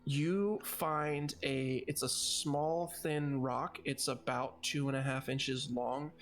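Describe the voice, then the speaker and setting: A man running a tabletop role-playing game, calmly describing scenes and asking for dice checks. His voice sits at a middle pitch and his delivery is matter-of-fact. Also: slow, faint music behind. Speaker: game master.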